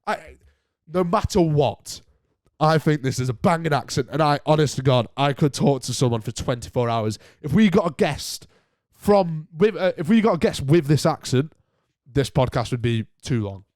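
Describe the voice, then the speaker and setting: A man's voice: fairly high pitch, lively intonation, normal speed, a little mellow, no echo, studio quality. A young man with a Northern English accent hosting a casual solo podcast, chatty and jokey, rambling through his points with restarts. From Northern England. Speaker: podcast host.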